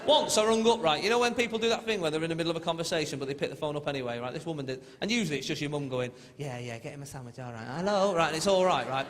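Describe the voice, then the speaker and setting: On a theatre stage, a man performs live stand-up, telling chatty stories and ending his lines with "right?" His fairly high voice races along with hardly any pauses, and the theatre reverb carries loud audience laughter.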